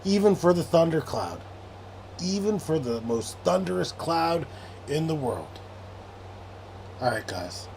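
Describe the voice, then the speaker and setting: A man's voice: a little high, very animated, measured pace, creaky, long pauses, darkish tone, a little hiss or hum. A young man hosting a late-night sports livestream, rambling and sarcastic, with frequent swearing as he reads chat aloud. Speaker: livestream host.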